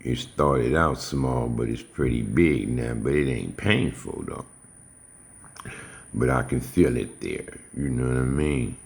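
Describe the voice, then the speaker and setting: A man's voice: rumbling low, expressive, slow pace, creaky. A man giving a rambling, casual monologue in streetwise slang. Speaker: vlogger. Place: home in suburban Houston.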